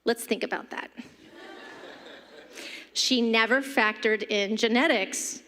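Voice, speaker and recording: A middle-aged woman with a slightly high voice tells warm, funny family stories in a eulogy. She speaks from a church podium microphone. Her voice carries a long, spacious church reverb. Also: fairly even intonation, slow pace. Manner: warm anecdotal delivery, laughing between stories. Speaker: daughter giving a eulogy. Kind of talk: humorous memorial storytelling. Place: church sanctuary.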